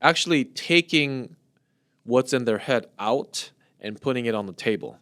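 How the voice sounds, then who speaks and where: Smooth-voiced man in casual podcast chat. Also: medium pitch, lively intonation, moderate pace, a bit bright, no room sound, studio quality. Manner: explains in loose, restarting phrases with light laughs. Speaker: podcast co-host.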